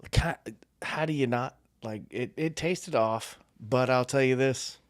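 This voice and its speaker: A middle-aged former Marine co-hosts a podcast, telling stories in a casual chat and laughing often. His mid-range voice moves at a measured pace, with no room sound.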